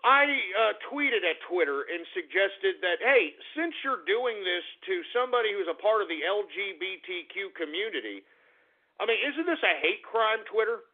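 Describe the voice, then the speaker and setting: A man with a high voice delivers a sarcastic, insulting talk radio rant. The sound is tinny and narrow, like a phone line. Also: very animated, measured pace. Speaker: radio show host. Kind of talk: ranting talk radio monologue.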